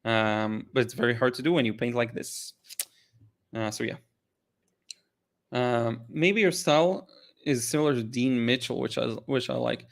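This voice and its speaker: A man's voice: mid-range voice, moderate pace, vocal fry, pauses often. A man hosting a live art Q&A, chatting casually and enthusiastically about paintings, a little tired and full of restarts. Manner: enthusiastic, rambling with restarts and fillers. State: tired, yawning. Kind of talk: casual livestream chat.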